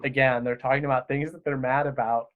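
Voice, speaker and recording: A man in a relaxed interview who rambles enthusiastically, with many "like"s between thoughts. His voice sits at an ordinary middle pitch. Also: quick pace, narrow, tinny audio. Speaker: podcast director. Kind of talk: casual interview chat.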